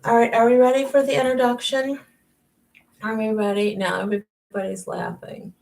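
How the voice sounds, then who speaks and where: A woman's voice: fairly high pitch, level tone, moderate pace, gravelly, darkish tone, distant mic, poor audio. A middle-aged woman coach chatting casually at home on a live stream, self-mocking and often laughing, then reading from her own book. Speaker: life coach and author. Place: at home at night.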